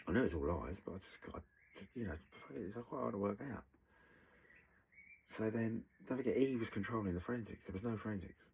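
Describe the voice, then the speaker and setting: A man's voice: on the low side, fairly quick, gravelly, darkish tone, a little hiss or hum, poor audio. A man, bluntly recounting a personal story in an aggrieved way. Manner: blunt, aggrieved storytelling, full of "she went, I went".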